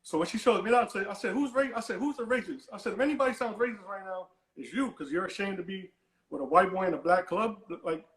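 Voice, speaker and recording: A man's voice: high voice, fast, a bit bright, reverberant, poor audio. A man calling in to a talk show, telling a long story in a rambling way, repeating and restarting his words and brushing things off. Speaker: caller. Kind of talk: animated storytelling on a call-in show.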